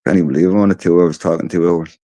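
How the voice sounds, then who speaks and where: Racing along in a low, warm voice with a steady tone, a tired Irishman streams from home, telling rambling stories. He swears freely and repeats his words, and the recording is dry.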